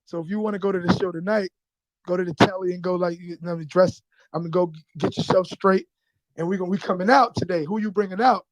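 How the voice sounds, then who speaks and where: A man's voice: high-pitched, fairly even intonation, fast, no echo, rough recording. A man, a rapper guest who tells a story with energy, swears freely and acts out the other voices. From New York. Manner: streetwise, profane, acts out voices in his stories. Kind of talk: animated storytelling.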